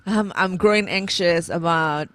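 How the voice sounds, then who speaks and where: Low-voiced woman co-hosting a casual chat. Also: a little slow. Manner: chatty, laughs often, animated retelling. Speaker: co-host.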